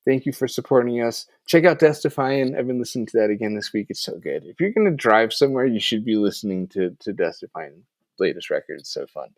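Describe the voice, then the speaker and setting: Talking fast, a podcast co-host with a mid-pitched voice chats casually, rambling in a relaxed manner and often starting his sentences over to self-correct. He finishes with offhand plugs, recorded close and dry without any room sound.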